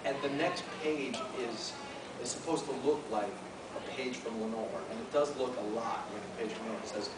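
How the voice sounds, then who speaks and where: A guest artist at a fan Q&A tells a self-mocking story at a convention panel, lively and joking, with quick restarts and acted-out voices. His voice is medium-pitched, recorded from far off in an echoey hall with loud noise.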